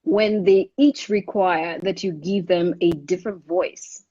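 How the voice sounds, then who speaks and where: A woman's voice: on the low side, steady tone, a little slow, dark tone. A woman hosting an online interview, asking her questions in an encouraging, friendly way. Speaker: interview host. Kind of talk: conversational interview. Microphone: online live video call. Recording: dull lo-fi online stream.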